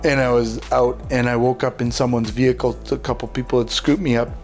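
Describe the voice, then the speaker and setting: A man, speaking at an ordinary middle pitch, recounts a personal experience in an interview. He talks casually, with plenty of "uh" and "like", and acts out the voices in his story. Soft music plays faintly behind him. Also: a little fast. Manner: lively storyteller who acts out dialogue, with many "uh" and "like" fillers. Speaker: guest sharing his life story. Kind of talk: personal testimony told in an interview.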